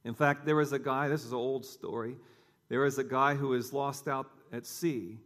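A man's voice: mid-range voice, fairly even intonation, moderate pace, fairly bright tone. A man preaching a sermon, telling a story conversationally and talking directly to his congregation. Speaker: pastor.

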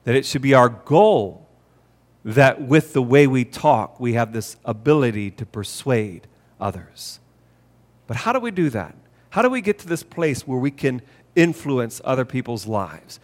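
A man's voice: mid-range voice, very animated, a little slow. A man preaching a sermon as a pastor, speaking earnestly and repeating key phrases for emphasis. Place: church sanctuary. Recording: long reverb of a church hall. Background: hall reverb.

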